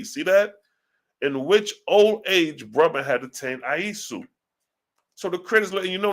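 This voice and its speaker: A man, reading scripture verses slowly and then commenting on them in fast, blunt street slang, as a teacher. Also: high-pitched, lively intonation.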